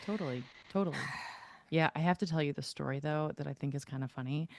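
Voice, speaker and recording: A woman's voice: low voice, fast talker, dry recording, clean studio sound. A woman co-hosting a podcast, telling stories in casual chat, filling her talk with "like". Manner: chatty storyteller, filler-heavy "like". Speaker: podcast co-host.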